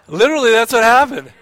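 A man preaching a sermon as pastor, telling a personal story in an animated way with many restarts and fillers. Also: very high-pitched.

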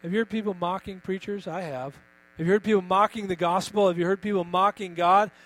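A man's voice: sits high, fairly even intonation, fairly quick, a bit bright, poor audio. Emphatic man preaching over mains hum. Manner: emphatic, asks the congregation questions. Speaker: pastor. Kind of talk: sermon.

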